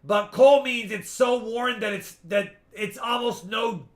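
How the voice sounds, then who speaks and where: A man hosting a live-stream coin auction, explaining each lot at length with quick asides. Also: high-pitched. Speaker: coin seller and stream host.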